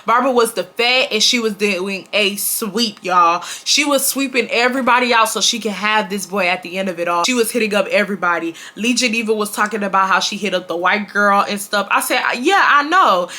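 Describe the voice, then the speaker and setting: A woman in her twenties from Houston, telling a storytime to her viewers in a casual, animated way and acting out the quoted dialogue. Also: mid-range voice, a little fast, few pauses. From Houston, Texas. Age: 20s. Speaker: storytime vlogger.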